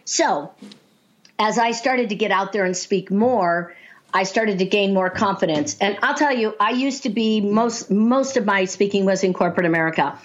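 A woman speaking coach telling stories in casual talk, lively and laughing often as she acts out the voices she quotes. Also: mid-range voice, normal speed. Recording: dull lo-fi sound.

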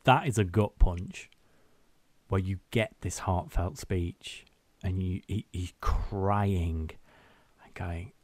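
Male podcast co-host, lowish voice, lively scene-quoting recapper, dry mic. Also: slow, dry recording. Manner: animated, quotes scenes in acted-out voices. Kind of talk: casual film chat and plot recap.

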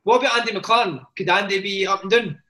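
Quick, high-voiced man asking questions. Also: bright, forceful tone. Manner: short prompting questions. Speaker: podcast host, interviewer. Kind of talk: casual interview.

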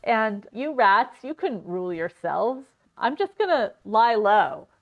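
A woman voicing a meek, cautious mouse that earnestly argues for lying low, in a slightly dull recording. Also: very animated, slow, full character voice. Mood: placating.

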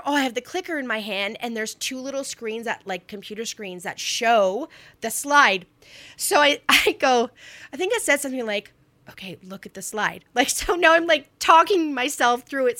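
A middle-aged woman in a casual chat, telling a story in an animated, self-mocking way and swearing freely. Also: high voice. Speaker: guest speaker.

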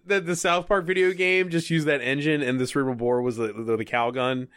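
A man's voice: fairly high pitch, steady tone, brisk, very noisy. A man co-hosting a podcast, chatting casually about a movie with lots of laughs and jokey comparisons. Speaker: podcast co-host.

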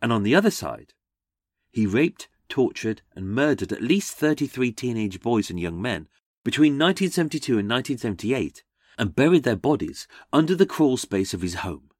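A man's voice: medium pitch, big pitch swings, normal speed, no room sound, studio quality. A man hosting a comedic true-crime podcast, sardonic with jokey asides. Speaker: podcast host.

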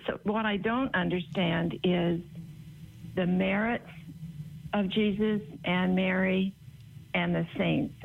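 A woman phones in with a question, hesitant and searching for her words. Her voice is gravelly and comes through a thin, tinny phone line with a faint hum behind it. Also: fairly low pitch, steady tone, takes it slowly, pauses often. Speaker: caller.

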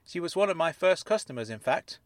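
A man voicing a sharp-tongued middle-aged woman fraudster who speaks in a measured, wry way. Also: fairly high pitch, expressive, no room sound, pitched above the performer's own voice, natural voice.

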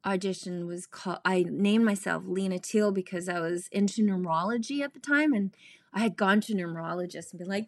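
A woman actress telling stories as a podcast guest, animated and laughing, acting out the voices of people she quotes. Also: medium pitch, fairly quick, no echo. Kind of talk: casual storytelling interview.

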